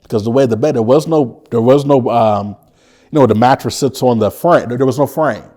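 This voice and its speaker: A man telling his own life story as an interview guest, earnest and halting, often restarting his sentences. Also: medium pitch, dark tone. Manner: vivid retelling.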